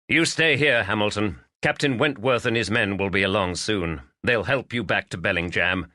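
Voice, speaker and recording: A man voicing a sharp, commanding detective who speaks curtly and urgently. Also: on the low side, normal speed, no echo, clean studio sound. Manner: curt, urgent.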